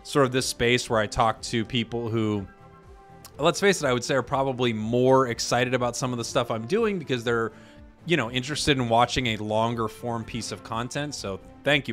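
A man hosting a gaming video, chatting casually about his matches and bursting into loud excitement at big plays. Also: mid-range voice. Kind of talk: casual gameplay commentary.

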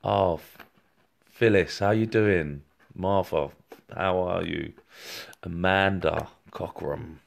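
Guy doing live psychic readings, deep voice with lots of fry, rambly, um um. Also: slow. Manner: rambling, many fillers and restarts, addresses viewers directly. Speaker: psychic medium.

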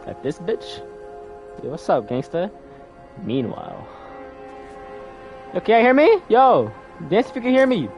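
A young man giving loud, swearing, exasperated commentary while playing a game. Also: sits high, wildly swooping pitch, a little slow, long pauses, faint music behind. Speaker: gamer streamer. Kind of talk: casual gameplay commentary.

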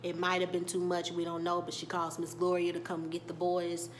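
A woman's voice: fairly low pitch, completely flat delivery, a little fast, a little hiss or hum. A woman giving a casual, chatty recap of a TV episode, retelling scenes and quoting the characters. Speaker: TV show reviewer.

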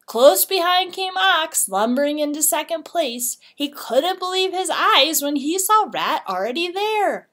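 A woman reads a children's storybook aloud in a high, bright voice, taking her time over each phrase. She swings her pitch widely and makes dramatic jumps in loudness as she tells the story. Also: very animated, unhurried, hardly any pauses. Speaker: teacher reading aloud.

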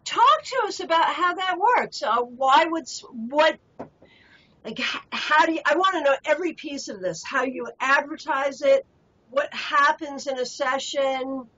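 A woman's voice: high voice, expressive, unhurried, sharp tone. A woman hosting an interview, asking eager, gushing questions. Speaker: host. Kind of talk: casual interview chat. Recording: muffled lo-fi audio.

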